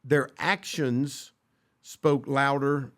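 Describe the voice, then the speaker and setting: A man's voice: medium pitch, steady tone, extremely slow. A man co-hosting a church podcast, talking earnestly about friendship and quoting scripture, with frequent restarts. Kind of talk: casual faith discussion.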